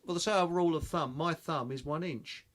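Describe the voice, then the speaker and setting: A man's voice: fairly high pitch, brisk, a bit bright, no echo. An older man hosting a casual radio chat, rambling and joking as he reads out listener comments. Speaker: host.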